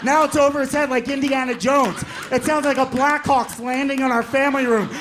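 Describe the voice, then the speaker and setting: A male stand-up comedian telling a story with animated delivery, acting out shouting characters. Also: very high voice, brisk, background noise.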